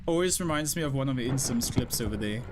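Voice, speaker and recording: A young man streams a horror game, chatting casually with viewers, explaining as he plays, and tossing in quick asides and laughs. His mid-range voice is animated, and music plays underneath.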